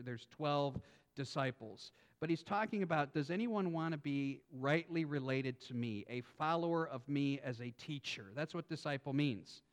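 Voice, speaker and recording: A man delivers a sermon as pastor. He reads scripture aloud and speaks earnestly to his congregation, now and then turning to casual asides. His voice sits in a middle pitch.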